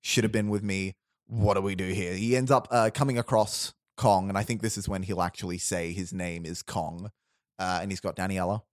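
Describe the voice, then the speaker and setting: Lower-voiced man telling a story casually. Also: steady tone, fairly quick, no room sound, clean studio sound. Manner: rambling, restarts, quotes characters in low voice. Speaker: storyteller pitching a movie plot. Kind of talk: casual chat.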